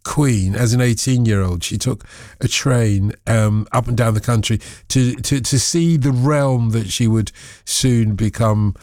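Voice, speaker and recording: A man hosting a radio phone-in, chatty and quick to jump in on callers. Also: mid-range voice, darkish tone, dry recording, clean studio sound. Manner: chatty, interjecting. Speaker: radio host.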